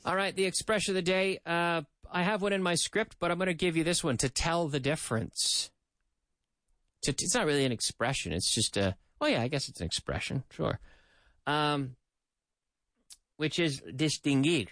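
Speaking at a moderate pace in a somewhat high, slightly bright voice, this male host keeps his radio English lesson lively as he banters with his co-host. He breaks down phrases chattily, slipping in translations, with no echo in the recording.

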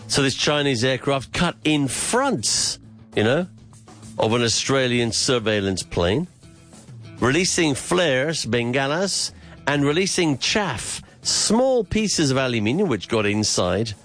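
Male news host, reads formally then explains simply, bright voice. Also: mid-range voice, big pitch swings, slow pace, soft background music. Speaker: host of a mock news segment. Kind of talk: news-style reading for learners.

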